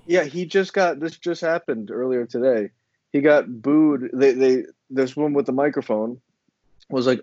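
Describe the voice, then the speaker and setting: A man co-hosting a podcast in casual chat, jokey and animated, acting out what others said. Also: medium pitch, normal speed, no room sound, muffled recording. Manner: jokey, animated retelling with acted-out quotes. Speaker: podcast co-host.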